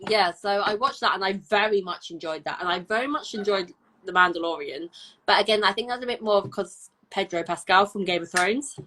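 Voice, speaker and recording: A woman guesting on a podcast, chatting casually in an animated way and laughing often. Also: mid-range voice, fairly quick, poor audio. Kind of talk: casual chat.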